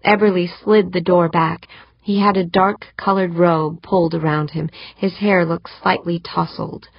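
Brief: woman audiobook narrator, low husky tone, steady reading, dull dry recording. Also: unhurried, no echo. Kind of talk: scripted narration.

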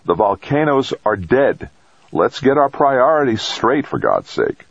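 A pushy, taunting male geophysicist, put on by a man narrating a story. He leans into every demand with an insistent, mocking edge, sitting noticeably above the performer's low, husky voice. The sound is dry and slightly muffled. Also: sing-song, unhurried, no echo, full character voice.

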